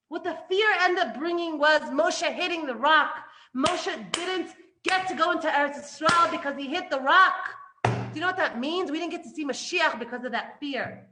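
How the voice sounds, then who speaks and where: Bright, emphatic woman teaching. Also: sits high, animated, normal speed. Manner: emphatic, swings from loud to hushed, many restarts. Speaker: Torah teacher. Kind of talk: animated spiritual lesson.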